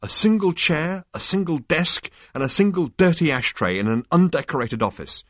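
A man narrating a book chapter in a measured, dryly expressive reading voice. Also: fairly high pitch, no echo, studio quality. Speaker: audiobook narrator. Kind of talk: scripted narration.

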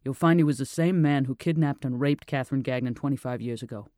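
A man's voice: mid-range voice, fast talker, dark tone, no echo, clean studio sound, close to an everyday voice. A man voicing a desperate hunted cop. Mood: urgent. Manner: urgent, clipped. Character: hunted male police sniper, urgent and desperate.

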